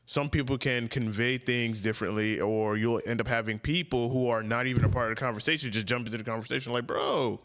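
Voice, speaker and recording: A man's voice: mid-range voice, steady tone, quick pace, few pauses, fairly bright tone. A man co-hosting a casual gamer podcast, talking in a laid-back, slangy way.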